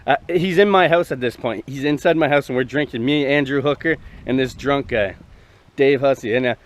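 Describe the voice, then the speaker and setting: A man's voice: medium pitch, a little fast. A man casually telling a long personal story, rambling and profane with lots of fillers, recorded outdoors near traffic. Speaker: host.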